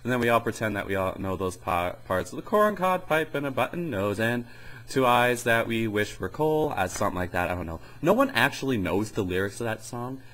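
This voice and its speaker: A man's voice: mid-range voice, animated, fairly quick, fairly bright tone, low-quality recording. A young man giving a rambling, sarcastic comedy review in casual chat. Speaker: video reviewer.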